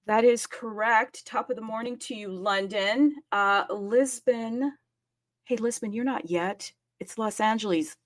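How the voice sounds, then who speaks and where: A woman hosting a live audio space in casual chat, bubbly and talkative, laughing often and swinging her pitch up with excitement. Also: slow pace, dry recording.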